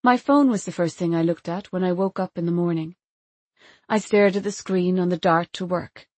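Woman narrator for a literary audiobook, quiet and intimate, lowish voice, dry close recording. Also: normal speed, no room sound. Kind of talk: first-person literary narration.

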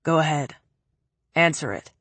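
A woman voicing a cold, cruel young man who speaks calmly and cuttingly in a low, flat tone. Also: a little slow, husky, no room sound, heavily acted. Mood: cold, menacing.

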